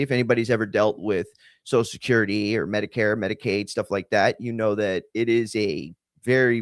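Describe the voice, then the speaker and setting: A man hosting a podcast, telling a long story in a casual, profane, animated and digressive way. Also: fairly low pitch, dry recording. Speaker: podcast host.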